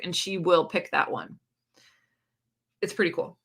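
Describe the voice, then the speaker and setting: A woman's voice: mid-range voice, normal speed, long pauses, pushed and bright. A woman hosting a casual livestream about books, chatting loosely, laughing often and reacting to viewer comments. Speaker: book channel host.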